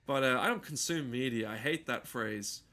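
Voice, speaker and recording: A man's voice: medium pitch, normal speed, pushed and bright. A man giving casual, profane, rambling commentary while playing a horror game, drifting into joking tangents. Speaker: gaming streamer.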